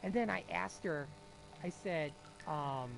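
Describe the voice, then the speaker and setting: A man streaming a game, telling a rambling, excitable story in casual chat and swearing freely. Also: on the high side, slow pace, vocal fry, a little hiss or hum, poor audio. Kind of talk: casual storytelling while gaming. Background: loud game music.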